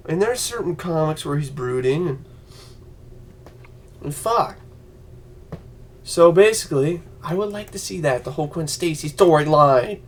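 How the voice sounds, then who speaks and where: A man ranting on a vlog, profane and heated, slipping into mocking voices. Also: fairly high pitch. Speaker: vlogger.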